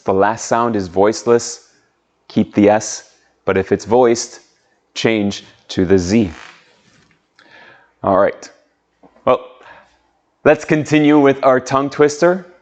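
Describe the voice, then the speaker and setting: A man teaching an online English pronunciation lesson, patiently drawing out sounds and leading drills. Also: mid-range voice. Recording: muffled lo-fi audio.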